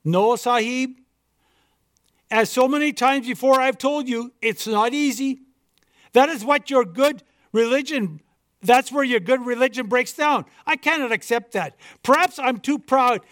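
Man doing a proud old pearl diver: formal, earnest, high voice, dry sound. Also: unhurried, a bit bright, no room sound. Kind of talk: storybook dialogue reading.

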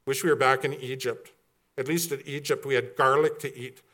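A man's voice: medium pitch, steady tone, fairly quick, fairly bright tone, close to an everyday voice. A man doing a whiny grumbling wanderer. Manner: whining, petulant, fussy complaints. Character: whiny grumbling ancient wanderer, male adult, petulant.

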